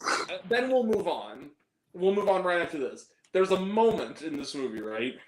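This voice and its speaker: A man giving a casual film review, animated, laughing often and acting out scenes in lively quoted voices. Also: high-pitched, moderate pace. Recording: echoey room with faint noise.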